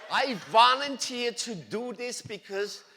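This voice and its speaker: A man giving an excited, emphatic personal testimony at church, speaking in broken grammar. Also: extremely high pitch, slow pace, gravelly, slight background noise. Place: church sanctuary. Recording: long echoey church hall reverb.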